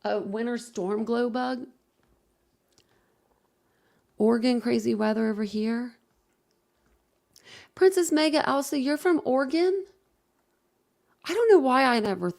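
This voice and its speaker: Chatty woman with vocal fry. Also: a little high, moderate pace, pauses often, a little mellow. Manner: rambling, chatty, many fillers and self-corrections. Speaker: livestream host. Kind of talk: casual live-stream chat, reading viewer comments.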